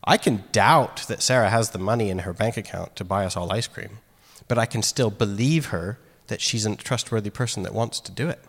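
A man preaching a sermon in a casual, animated way, acting out quoted lines. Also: lowish voice, brisk, few pauses. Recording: long hall reverb.

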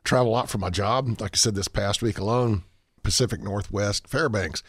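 A man's voice: fairly low pitch, normal speed, no room sound. Folksy man, dry studio sound. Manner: rambling, folksy, restarts often. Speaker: guest. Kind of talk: radio talk show interview.

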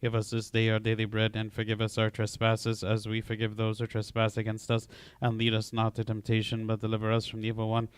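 Man reading church prayers, smooth voice, dead flat delivery, dry close sound. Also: on the low side, brisk, dry recording. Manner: steady recitation in a flat monotone. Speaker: prayer leader.

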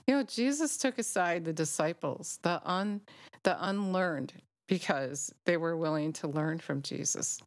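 Woman preaching casual and earnest, lowish voice, dry close sound, lots of you-knows. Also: measured pace, no room sound. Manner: earnest, conversational, many "you know" asides. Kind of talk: informal sermon.

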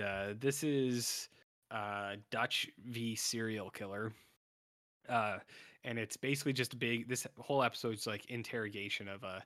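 His voice sits on the low side and comes out pushed and bright. As a podcast co-host, he rambles through a relaxed episode recap, breaking into his own sentences and playing out the characters' lines.

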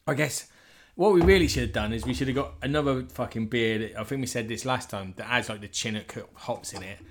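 A man's voice: medium pitch, fairly quick. A man, co-hosting a casual chat over beer, talking bluntly and swearing constantly. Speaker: podcast co-host.

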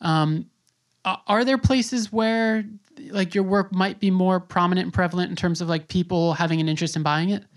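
A man's voice: high voice, moderate pace. A man from New York City hosting a podcast, chatting in a rambling way and laughing easily. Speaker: podcast host. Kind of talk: casual interview chat.

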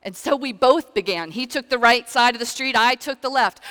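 A woman pastor preaching a sermon, telling a story in an earnest, deliberate way. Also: sits high, a bit bright, in a large hall.

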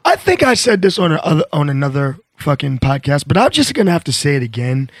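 Husky high-pitched ranting man. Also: big pitch swings, brisk, dry recording, clean studio sound. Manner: blunt, profane, ranting. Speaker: podcast co-host. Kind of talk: casual chat.

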